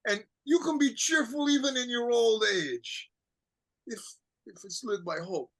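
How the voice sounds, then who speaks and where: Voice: mid-range voice, animated, unhurried, a bit bright. An actor reading the part of a bitter, mocking aging count who laughs at himself and breaks into tears, in an amateur play reading. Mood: despairing.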